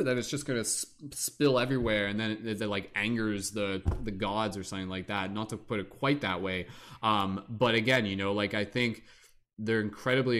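A man's voice: fairly low pitch, a bit bright. A man hosting a livestreamed talk show, speaking eagerly and at length, with lots of fillers. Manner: rambling, eager, many fillers. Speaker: podcast host. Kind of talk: excited casual talk.

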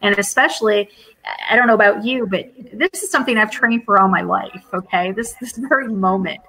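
Woman hosting a show, bright sharp voice, earnest, talks to the audience as guys. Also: medium pitch, brisk, husky, rough recording. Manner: earnest, addresses listeners as guys. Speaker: host. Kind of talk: podcast interview.

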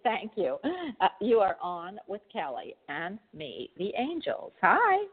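A woman with a lowish voice hosts a call-in show and chats loosely, circling back with fillers and restarts. Her voice comes through a thin, tinny phone line. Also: big pitch swings, unhurried, slightly rough. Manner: chatty, rambling, frequent fillers and restarts. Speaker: psychic radio show host. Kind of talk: casual call-in chat.

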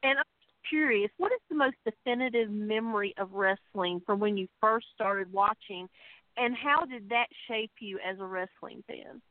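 A woman hosting a podcast, asking questions in a relaxed conversational way. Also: medium pitch, moderate pace, no room sound. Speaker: podcast host. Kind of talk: casual interview. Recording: tinny phone-line audio.

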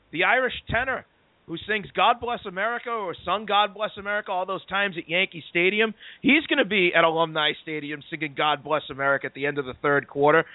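Excitable sports radio host on a tinny line. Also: male voice, high voice, dry recording. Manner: excitable, quick asides. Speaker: sports talk show host. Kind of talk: casual sports radio talk. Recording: dry, tinny phone-like line.

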